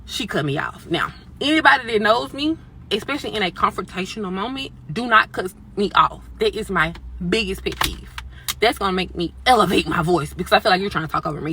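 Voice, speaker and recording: Bright-voiced, blunt woman ranting. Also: medium pitch, expressive, fairly quick, slight background noise. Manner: blunt, indignant, profane, acts out both sides of an argument. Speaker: vlogger telling a story. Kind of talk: animated storytime rant.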